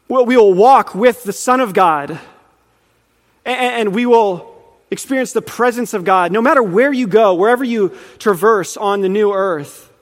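A man with a high voice teaches a sermon in an earnest, building manner, now and then quizzing the room. His words ring out with a long reverb from a large church hall. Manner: earnest, rising in emphasis, quizzes the audience. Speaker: preacher teaching on Revelation.

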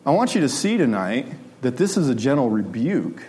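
A man's voice: a little high, sing-song, moderate pace, darkish tone. A man preaching a sermon in a conversational way, often asking his listeners rhetorical questions.

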